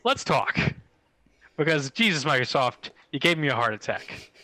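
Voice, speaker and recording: Excitable man rambling on a podcast. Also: a little high, moderate pace, no room sound, poor audio. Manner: excitable, rambling with many "like" fillers. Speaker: podcast co-host. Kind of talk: casual chat.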